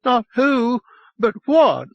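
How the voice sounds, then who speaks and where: A man's voice: very high voice, big pitch swings, slow pace, vocal fry, no room sound, highs cut off, voice pushed up, exaggerated voice. A man reading an audiobook, voicing a frightened, tearful lost boy in a raised, urgent voice. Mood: insistent. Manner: urgent, insistent.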